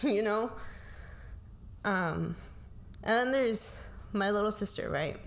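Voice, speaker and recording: Slow, soothing young woman sharing testimony. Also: medium pitch. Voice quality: calm, soothing voice. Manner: slow, reflective, tags lines with "like" and "right?". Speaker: pastor's kid and co-host. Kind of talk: personal faith testimony chat.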